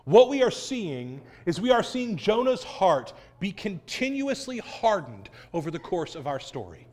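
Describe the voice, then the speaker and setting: Man, high-pitched, preaching a sermon, animated and wry. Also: unhurried. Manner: animated, wry, acts out quoted voices.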